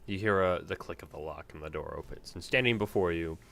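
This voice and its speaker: A man's voice: low-pitched, fast talker, creaky, fairly bright tone, a little hiss or hum. A man narrating as game master of a tabletop game, playful and laughing.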